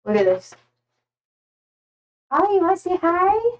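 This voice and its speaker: A woman's voice: very high voice, very animated, a little slow, rough recording. A young woman streamer chatting casually and bubbly, gushing over her cats with baby talk. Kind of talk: casual live-stream chat.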